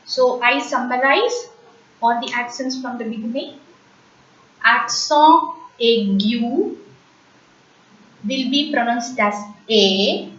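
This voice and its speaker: Woman teacher, high voice, slow patient delivery, repeats words, distant echoey lo-fi recording. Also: a bit bright. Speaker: French teacher. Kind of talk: slow explanatory lesson. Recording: echoey room, distant, dull lo-fi mic.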